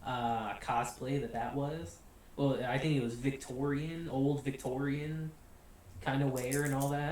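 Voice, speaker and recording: An American man hosting a casual anime review, chatty and relaxed, laughing often and filling gaps with "you know" and "like". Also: mid-range voice, far from the mic. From United States. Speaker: anime reviewer, channel host. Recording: very echoey room, voice off-mic, faint hiss.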